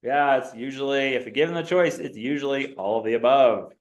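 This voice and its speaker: A man's voice: mid-range voice, brisk. A male instructor running a classroom review quiz, reading out multiple-choice options in a quiz-show rhythm.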